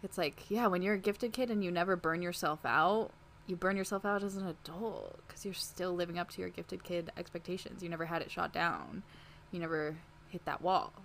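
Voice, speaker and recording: Lower-pitched woman podcast co-host, faint background hiss. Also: fairly quick, vocal fry. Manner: relaxed, laughs easily, frequent "um" and "you know". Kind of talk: casual podcast chat.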